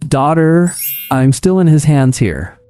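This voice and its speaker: A man's voice: fairly high pitch, very animated, takes it slowly, dark tone, a little hiss or hum. A man voicing a nervous middle-aged mother in a manhwa recap, stammering and hesitant.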